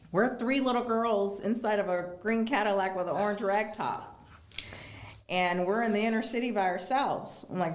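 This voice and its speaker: A woman guest telling a personal story in a relaxed interview, animated and acting out the people she quotes. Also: medium pitch, normal speed, roomy sound, slight background noise.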